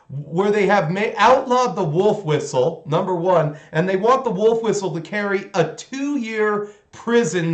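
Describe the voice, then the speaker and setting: A man hosting his own hobby channel who rants in an opinionated, sarcastic way and rambles with many fillers. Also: sits high. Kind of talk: casual ranting vlog while painting miniatures. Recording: roomy echo.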